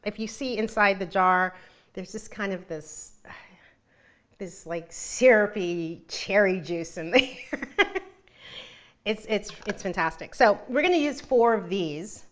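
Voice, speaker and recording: A woman's voice: medium pitch, slow, a bit bright. A woman from Northern California hosting a casual live cooking demo, chatty and giggly and laughing often. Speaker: host of a cooking show.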